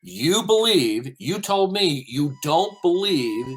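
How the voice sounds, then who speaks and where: A man's voice: a little high, very animated, slow pace, faint music behind. A man hosting a heated online voice-chat debate, lecturing emphatically and interrupting with repeated questions. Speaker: debate host.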